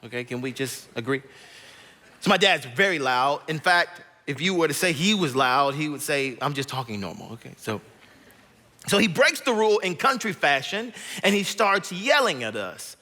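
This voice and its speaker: A man's voice: on the high side, sing-song, moderate pace, bright, forceful tone. A man in his thirties, a guest pastor, telling a personal story in a sermon and acting out his family members' voices. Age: 30s. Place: church auditorium stage. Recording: long reverb from a large auditorium.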